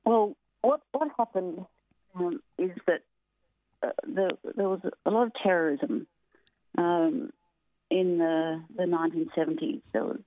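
A woman, a former athlete, recalling events in a halting, hesitant way as an interview guest. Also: fairly low pitch, no echo. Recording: tinny phone line.

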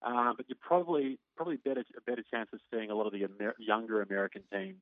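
A man's voice: lowish voice, steady tone, no echo. An Australian man working as a sports correspondent, telling stories in a chatty radio report. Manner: chatty, quick storytelling. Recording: tinny phone line, dry.

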